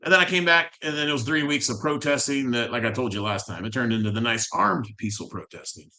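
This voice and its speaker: Fast, impassioned veteran man. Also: medium pitch, animated, bright, forceful tone. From Florida. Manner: impassioned, tumbling restarts. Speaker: military veteran guest. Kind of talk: casual interview storytelling.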